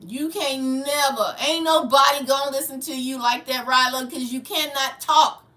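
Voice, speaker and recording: A woman with a high, bright, sharp voice delivers a heated livestream rant, preachy and confrontational. She sits back from the mic in an echoey room. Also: moderate pace, distant mic. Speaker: channel host.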